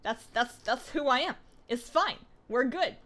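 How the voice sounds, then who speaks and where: A woman from Canada with a Canadian accent, chatting casually with viewers on a live game stream and talking very quickly. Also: high-pitched, animated, pushed and bright. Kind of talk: casual live-stream chat while gaming.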